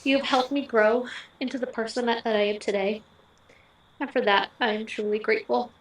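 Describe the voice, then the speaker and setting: Young bride reading vows in an echoey hall. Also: female voice, on the high side, steady tone. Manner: heartfelt, earnest, pausing in short phrases. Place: wedding ceremony venue. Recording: echoey, picked up from a distance.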